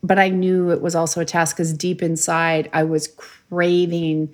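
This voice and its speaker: A middle-aged woman chatting as an interview guest, telling her story in a lively way and acting out her own past lines. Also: lowish voice, moderate pace. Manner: laughs often, swears casually. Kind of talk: casual interview chat.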